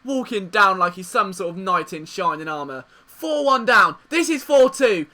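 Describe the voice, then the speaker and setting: A young man giving jokey, excitable let's-play commentary on a football management game, lurching between despair and cheering. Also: sits high, moderate pace. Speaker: gaming commentator.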